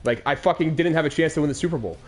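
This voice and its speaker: A man's voice: a little high, racing, a little mellow, faint music behind. Ranting, foul-mouthed young man. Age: 20s. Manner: crude, aggrieved ranting. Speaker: host of a video game commentary show. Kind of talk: profane Madden game recap.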